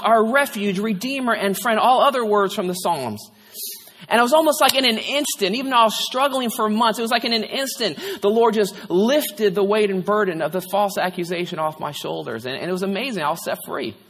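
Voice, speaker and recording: Male pastor, high voice, candid conversational sermon, long hall reverb. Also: a bit bright. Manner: candid, conversational, tearful at times, frequent "right?".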